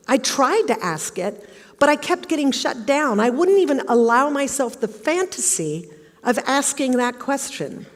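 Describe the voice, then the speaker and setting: A woman's voice: sits high, very animated, unhurried. Storytelling woman in an echoing hall. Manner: storytelling, acts out quoted questions. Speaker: speaker giving a talk. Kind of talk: motivational stage talk. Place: large auditorium. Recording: long hall reverb.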